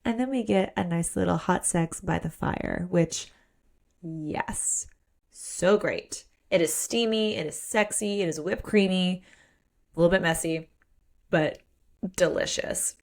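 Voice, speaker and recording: A woman's voice: on the low side, measured pace, gravelly. A woman co-hosting a podcast, casually and playfully recapping a romance novel in a chatty book discussion. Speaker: podcast co-host.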